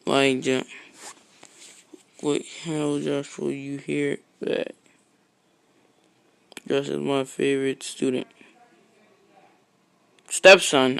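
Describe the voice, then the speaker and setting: A man's voice: mid-range voice, little pitch movement, extremely slow, gravelly, pauses often, fairly bright tone, clear, resonant tone, no room sound, low-quality recording. A man streaming a block-building game, chatting casually in a rambling, slangy way that often trails off into a mutter. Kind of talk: casual live-stream chat. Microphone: own streaming mic.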